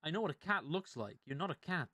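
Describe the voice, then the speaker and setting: A man's voice: on the high side, animated, quick pace, sharp tone, dry recording, studio quality. A man streaming live, casually chatting to his viewers and telling a story, swearing freely and laughing often.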